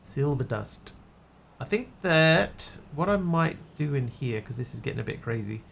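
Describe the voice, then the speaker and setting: A man's voice: mid-range voice, animated, normal speed, creaky, a little hiss or hum. A man streaming a game, chatting casually in a rambling, wry way. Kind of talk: casual gameplay chat.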